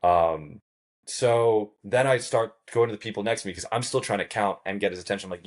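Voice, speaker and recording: A man who is a podcast guest, telling a story in a casual, animated way, swearing freely and acting out what others said. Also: lowish voice, fairly quick. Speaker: podcast guest, game show contestant.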